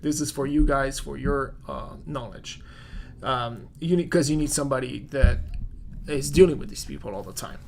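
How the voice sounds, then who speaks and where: A man's voice: mid-range voice, moderate pace, creaky, a little mellow, slight background noise. A man with a non-native English accent, a real estate agent hosting a casual live-stream Q&A, chatty and full of fillers as he answers viewer comments.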